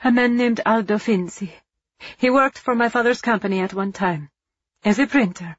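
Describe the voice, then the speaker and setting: A woman's voice: a little high, moderate pace, no echo, muffled recording, pitched above the performer's own voice, close to an everyday voice. A woman voicing a defiant young Jewish woman held prisoner, answering steadily and pleading for another's release.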